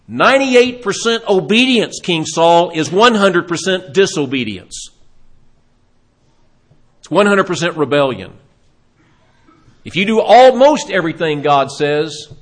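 A man's voice: fairly high pitch, fairly bright tone. A man preaching a sermon, retelling Bible stories and briefly voicing the people in them. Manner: dramatic retelling of scripture, acting out voices.

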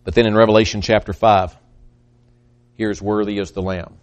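A man preaching a sermon, swinging between loud emphatic peaks and hushed, soft passages, often repeating words as he builds. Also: lowish voice, moderate pace, lo-fi sound. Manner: repeats words when excited.

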